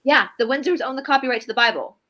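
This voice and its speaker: A woman co-hosting a casual live stream about spiritual topics, animated and quick to laugh. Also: high voice, low-quality recording.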